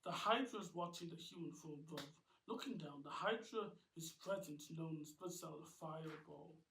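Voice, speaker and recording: A man narrating a homemade cartoon, reading aloud haltingly with restarts. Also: a little high, bright, forceful tone. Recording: echoey room, distant mic, noisy.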